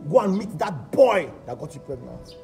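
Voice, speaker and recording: Nigerian actor for a comedy skit, furious and loud, lots of swing in the voice. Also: male voice, fairly high pitch, very animated, normal speed, vocal fry, soft background music. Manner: angry, shouting, repeating himself.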